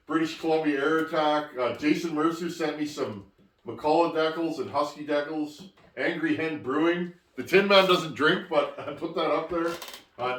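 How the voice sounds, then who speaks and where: A man's voice: a little high, a bit bright, echoey room, far from the mic. A Canadian man hosting a chainsaw channel, chatting casually to viewers as friends while he opens packages, with rambling restarts. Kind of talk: casual vlog, opening mail.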